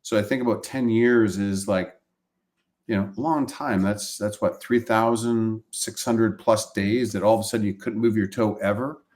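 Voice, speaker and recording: A man with a low-pitched voice tells warm, emotional stories about his patients on a live video call. He repeats himself as feelings build and slips into the voices of the people he quotes, in the casual tone of a practice coach. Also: fairly even intonation, normal speed. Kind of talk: casual storytelling on a live webcast.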